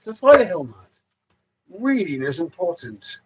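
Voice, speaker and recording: A man talks on his livestream in a loose, rambling way, repeating himself and swearing constantly. His voice sits high, and he swings it up and down with a lot of animation as he grumbles. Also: big pitch swings, a little slow, breathy edge, low-quality recording. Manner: profane, ranting, heavy swearing. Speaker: livestream host. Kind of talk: casual rambling livestream monologue.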